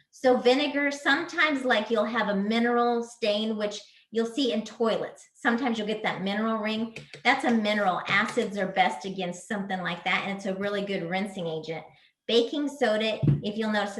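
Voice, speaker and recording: A woman casually presenting a cleaning workshop, practical and chatty, with fillers and restarts. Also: mid-range voice. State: throat choked up, clearing throat. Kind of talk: casual instructional talk. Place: community room. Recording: echoey room.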